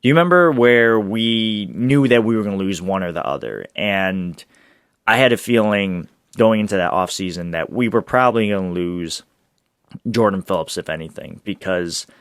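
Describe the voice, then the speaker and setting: A man hosting a solo sports podcast, talking in an excitable, rambling way with restarts and laughs. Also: fairly low pitch, normal speed, smooth, no echo, studio quality. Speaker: podcast host.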